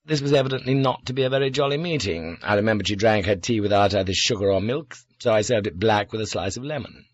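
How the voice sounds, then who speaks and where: A man narrating a first-person audiobook in a dry, wry, measured way. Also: fairly low pitch, no echo. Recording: dull lo-fi dry recording.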